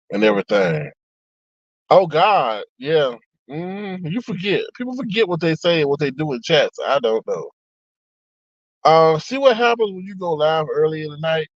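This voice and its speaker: A fairly high-pitched male voice, recorded with no echo and the highs cut off, chats casually on a live stream. The man reads viewer comments out loud and replies to them, with frequent laughter and asides.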